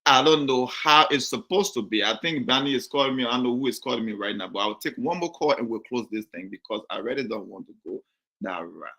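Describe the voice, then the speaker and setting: A man hosting a live call-in talk show, firm and repeating himself to calm callers. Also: mid-range voice, fast.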